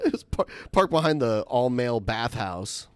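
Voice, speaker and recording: A man co-hosting a podcast, chatting casually with quick, wry retorts. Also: medium pitch, sing-song, clear, resonant tone, dry recording, studio quality. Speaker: podcast co-host. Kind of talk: casual commentary chat.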